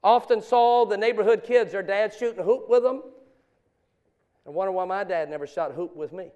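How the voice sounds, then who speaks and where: A middle-aged man preaching from the pulpit, his voice pitched high. He tells his story in low, hushed tones, then builds into loud, impassioned calls to the congregation. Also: normal speed, lo-fi sound. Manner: swings from quiet confessional storytelling to loud preaching. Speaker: pastor. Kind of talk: sermon.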